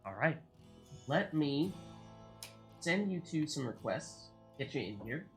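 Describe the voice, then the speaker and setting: A man's voice: fairly high pitch, big pitch swings, takes it slowly, faint music behind. A man hosting a community game stream, chatting with players in slightly formal phrasing. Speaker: stream host.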